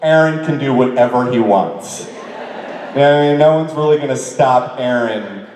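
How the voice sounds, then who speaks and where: A man's voice: mid-range voice, normal speed, darkish tone, far from the mic, slight background noise. Chatty man on a convention-hall stage. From New York. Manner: chatty, laughing often, self-deprecating. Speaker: actor answering fan questions on a convention panel. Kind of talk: casual convention Q&A. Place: large convention hall with audience. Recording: echoey convention hall through a PA, heard from afar.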